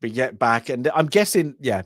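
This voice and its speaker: A man's voice: medium pitch, expressive, normal speed, no room sound, studio quality. A man co-hosting a casual film review, rambling through the story with lots of restarts and fillers, acting out lines.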